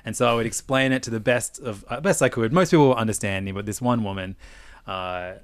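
A man's voice: fairly low pitch, fairly quick, clear, resonant tone, dry recording, studio quality. A man with an Australian accent telling stories in casual chat, rambling with lots of fillers and restarts and swearing freely.

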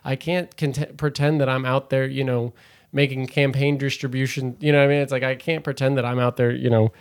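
A young man with a gravelly, creaky edge to a mid-pitched voice, talking as a comedian on a podcast. He rambles, circles back and piles on fillers in relaxed conversation. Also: a little fast. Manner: rambling, lots of fillers and restarts. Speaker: stand-up comedian, podcast guest.

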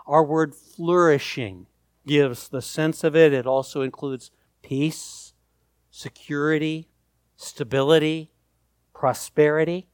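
A man preaching a sermon, slow and deliberate, leaning hard on key words. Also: a little high, fairly even intonation, smooth, dry recording, clean studio sound.

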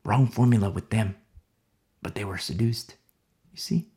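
A man preaching a sermon with fervor, swinging between loud exhortation and hushed, whispered prayer. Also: fairly low pitch, normal speed.

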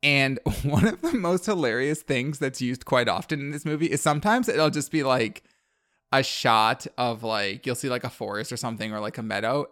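A man's voice: mid-range voice, moderate pace, fairly bright tone, dry recording, clean studio sound. Chatty young man recapping a film. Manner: rambling, filler-heavy, laughing often. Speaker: podcast co-host. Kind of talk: casual chat recapping a movie.

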